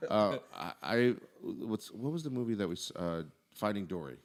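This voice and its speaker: A man's voice: fairly low pitch, lively intonation, moderate pace. A man co-hosting a podcast, blunt and swearing freely as he argues in casual chat.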